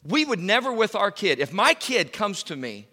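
A middle-aged man preaching a sermon as pastor, emphatic, swinging from loud to hushed. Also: high voice, big pitch swings, moderate pace, long reverb tail. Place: church.

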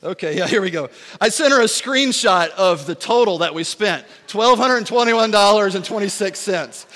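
Animated high-voiced pastor in a reverberant hall. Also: male voice, normal speed. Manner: animated, joking storyteller. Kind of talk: sermon with a personal story.

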